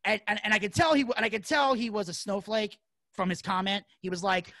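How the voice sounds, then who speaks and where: A man telling a story in casual podcast chat, fast and profane, acting out angry quotes. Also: high voice, pushed and bright, no echo. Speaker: podcast guest.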